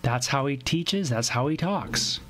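A man leading a relaxed Bible teaching from his home. He talks in an easygoing, conversational way and slips into quick skits with other voices. His voice sits at an ordinary middle pitch.

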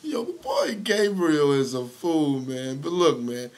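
A man's voice: a little high, huge pitch swings, slow pace, darkish tone. A man hosting a reaction video, chatting casually in a laid-back slangy way. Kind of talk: casual chat.

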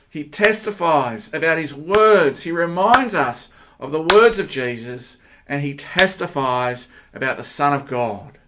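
An Australian man preaching a sermon, animated and emphatic, firing rhetorical questions at his listeners. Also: a little hiss or hum. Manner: animated, with sudden jumps in pitch and loudness. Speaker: pastor.

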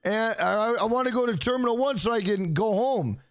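A man streaming a video game live, swearing freely and loudly hyping up his donors. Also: high voice, a little fast, dry recording, clean studio sound. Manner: profane, hyped, shouts out donors. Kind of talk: live gameplay stream chat.

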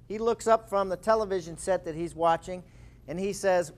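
A man in his forties, an author and speaker, telling a lively anecdote in a talk. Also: sits high, normal speed. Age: 40s. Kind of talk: storytelling talk.

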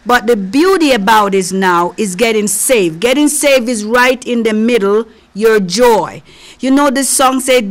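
A woman's voice: on the high side, a little slow. Earnest woman preacher, slightly accented. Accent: non-native English. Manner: earnest, direct address to listeners. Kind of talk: conversational sermon. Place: local community TV studio.

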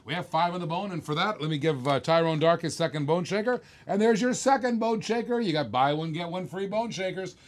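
Man, auction host, live stream, hyped repetitive bid chant, slightly high voice. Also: animated, brisk, hardly any pauses.

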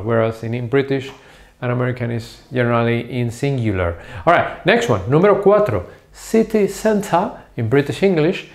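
A man teaches a vocabulary lesson, switching between two languages. He says each word slowly and carefully, often checks in with the listener, and speaks at a middle pitch. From Spain. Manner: slow, deliberate pronunciation of words. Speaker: Spanish teacher.

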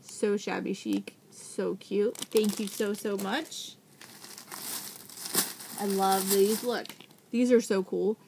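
A woman in her thirties gushing with excitement as she unboxes craft supplies in a casual vlog, thanking the sender again and again. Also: mid-range voice, takes it slowly, vocal fry, noisy background. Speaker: vlogger unboxing craft mail.

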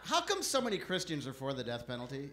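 A male stand-up comedian on a comedy club stage, delivering deadpan setups and punchy lines into a handheld mic. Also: mid-range voice, quick pace. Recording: roomy club recording with background noise.

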